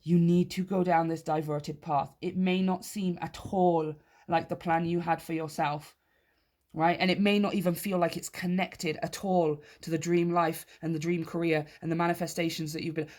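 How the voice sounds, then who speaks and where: A woman giving a tarot reading to her viewers, emphatic and animated, often checking in with them. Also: fairly low pitch. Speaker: tarot reader. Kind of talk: direct-to-camera tarot reading.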